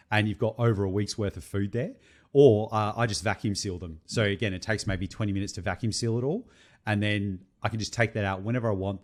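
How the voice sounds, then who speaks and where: A young adult man, co-hosting a casual podcast chat and laughing often as he tells stories. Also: on the low side. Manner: animated, laughs often while telling jokes. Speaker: podcast co-host.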